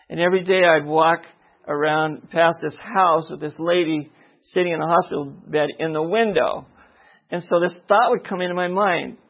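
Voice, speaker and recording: A man's voice: on the high side, vocal fry, lo-fi sound. A man giving a personal testimony in a sermon, telling his story and often checking in with the listeners by asking "okay?". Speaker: lay preacher giving testimony.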